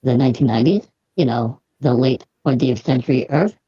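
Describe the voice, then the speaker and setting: A person doing a robot guest who loves science fiction and talks in an earnest, measured way. The voice is mellow and husky, on a dull, lo-fi recording. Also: medium pitch, dry recording, close to an everyday voice. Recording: dull lo-fi audio.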